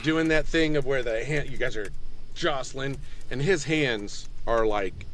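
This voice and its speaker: A man's voice: medium pitch, unhurried, a little hiss or hum. A man narrating as game master of a tabletop game, laughing often and telling the action with lots of energy. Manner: laughing, animated storytelling.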